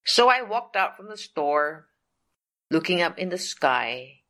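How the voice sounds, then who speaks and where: An older woman recounts a personal testimony at a very slow, deliberate pace, earnest and repetitive. Her voice is bright and forceful, sitting a little low. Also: very animated. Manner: earnest, repetitive, leans on "of course" and "whatsoever". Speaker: storyteller sharing a faith testimony.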